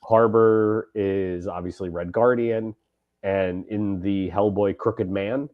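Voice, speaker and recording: A man's voice: on the low side, fairly even intonation, takes it slowly, narrow, tinny audio. A man co-hosting a podcast, chatting casually and enthusiastically, often hesitating and restarting his sentences. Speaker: podcast co-host. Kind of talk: casual chat.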